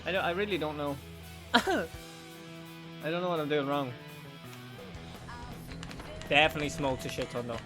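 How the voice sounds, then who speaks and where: A rambling, chatty man with a rural Monaghan Irish accent, talking as he plays through a stream. His voice sits a little on the high side, and he swears freely between bursts of laughter. Faint game music runs underneath. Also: lively intonation, normal speed, pauses often. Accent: Irish, County Monaghan. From Ireland. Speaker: gaming streamer. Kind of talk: casual chat while playing a game.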